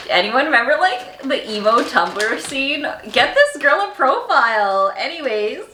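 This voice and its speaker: Candid, lively-voiced young woman vlogger. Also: on the high side, a little slow, roomy sound, slight background noise. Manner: candid, self-mocking, laughs often and shrieks at her own past. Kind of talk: casual storytelling chat.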